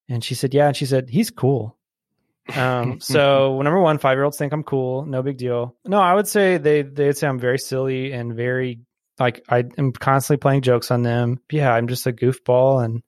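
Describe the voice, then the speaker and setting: A man in his thirties, a podcast guest telling stories in a loose, animated way, laughing often and filling gaps with um and like. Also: medium pitch, dry recording, clean studio sound. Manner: animated storyteller, laughs often, many fillers. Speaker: podcast guest, brewery employee. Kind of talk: casual podcast conversation.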